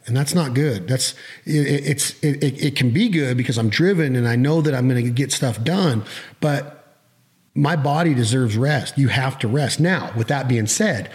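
A middle-aged man hosting a podcast, chatting casually, often acting out his own thoughts in quick quoted bursts and swearing casually. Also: mid-range voice, darkish tone. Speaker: podcast host.

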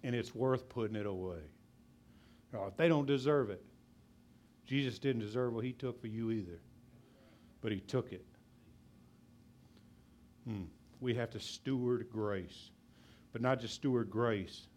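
A man preaching a sermon as pastor, talking loud and fast and passionately, then dropping to a low, quiet voice. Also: slight background noise. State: out of breath.

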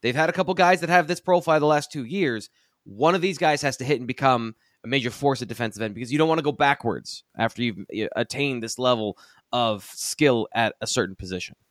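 A man in a casual sports talk show segment analyzes a college football recruit at length. His voice sits at an ordinary pitch and is recorded close and dry, with no room sound. He talks in a loose, thinking-aloud way, with restarts and the odd dry bit of sarcasm. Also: fairly quick, a bit bright, no echo.

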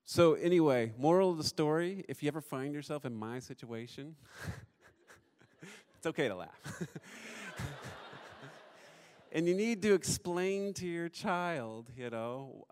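A man's voice: fairly high pitch, expressive, slow pace, long pauses, a little mellow, clean tone. Male storyteller, 30s, conversational, self-deprecating, lots of fillers. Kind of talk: personal story told to an audience.

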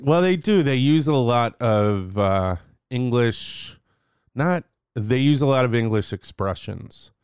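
Smooth-voiced chatty male podcast host. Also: mid-range voice, animated, slow pace, darkish tone, dry recording, clean studio sound. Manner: chatty, jokey, rambling with restarts. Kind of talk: casual podcast chat.

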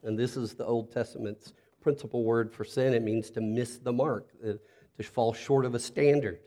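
A man preaching a sermon as pastor, earnest and reflective, dropping to a soft, intimate tone when he speaks directly to listeners. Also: mid-range voice, steady tone, normal speed.

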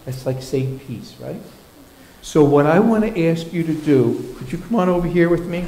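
A man's voice: fairly high pitch, a little fast, dark tone, a little hiss or hum. A man leading a children's moment in a church service as pastor, playful and coaxing as he talks with the kids. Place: church sanctuary. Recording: echoey church sanctuary.

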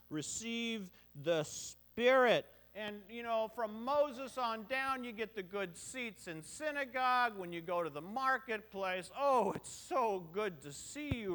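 A man's voice: extremely high pitch, pushed and bright. A middle-aged man preaching a sermon in a conversational, joking way, full of rhetorical questions and short on sleep. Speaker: pastor.

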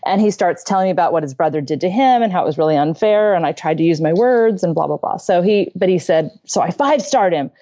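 A woman's voice: on the low side, fast talker, few pauses, dark tone, lo-fi sound. Earnest middle-aged woman telling a story. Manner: earnest, laughs often, acts out quotes. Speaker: parenting podcast guest. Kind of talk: conversational storytelling. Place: home bedroom.

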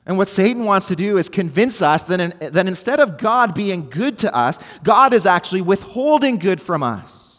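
A fairly high-voiced man preaches earnestly to his congregation, driving points home with repetition. His words ring out with a long hall reverb. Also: big pitch swings, moderate pace, few pauses, fairly bright tone. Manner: earnest, emphatic preaching with repeated phrases. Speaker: pastor. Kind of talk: sermon.

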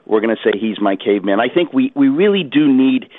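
A man being interviewed as an author, telling a story with animated voices over a phone line. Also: mid-range voice, fairly quick, dry recording. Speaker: author guest. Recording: tinny dry phone line.

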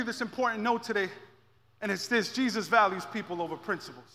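Male pastor, high bright voice, passionate sermon builder, reverberant church hall. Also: fairly quick, a little hiss or hum. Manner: builds from quiet intensity to shouting climaxes, repeats phrases.

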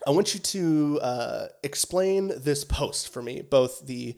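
A man's voice: a little high, lively intonation, slow, gravelly, darkish tone. A young man co-hosting a casual podcast chat, rambling with lots of fillers and swearing for emphasis. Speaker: podcast co-host.

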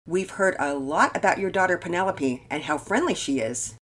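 A woman's voice: lowish voice, expressive, moderate pace, a bit bright. An older woman voicing a friendly father greeting visitors.

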